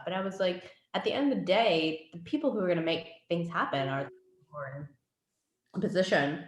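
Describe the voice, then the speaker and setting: Low-voiced woman guest in an echoey room. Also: brisk, slight background noise. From US military family. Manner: chatty, laughs easily. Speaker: guest, former communications advisor. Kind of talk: casual chat.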